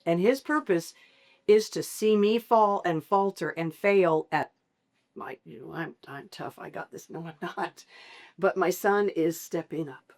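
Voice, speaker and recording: Middle-aged woman guest, lower voice, emotional storytelling that acts out what others said. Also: measured pace. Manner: expressive, laughs often, acts out quoted dialogue. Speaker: podcast guest.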